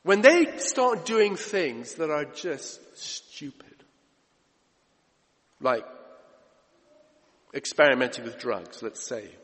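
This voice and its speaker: A man preaching a sermon, emphatic, moving between loud urgent lines and hushed ones. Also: on the high side, expressive, takes it slowly, pauses often. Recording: reverberant hall.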